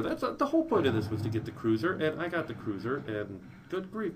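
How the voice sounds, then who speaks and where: A man giving casual gameplay commentary, talking straight to his viewers and jumping high in pitch when things go wrong. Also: a little fast, few pauses, noisy background. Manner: excitable, voice jumps high when panicking; talks directly to viewers. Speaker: let's play commentator.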